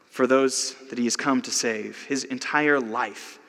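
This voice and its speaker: A man's voice: mid-range voice, moderate pace, hardly any pauses. A man in the middle of his vocal range preaches a sermon, talking to his congregation conversationally and leaning on "like" as he builds homely examples. His voice carries a long reverb, as if from a church sanctuary. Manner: conversational, frequent "like", lively illustrations. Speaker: pastor.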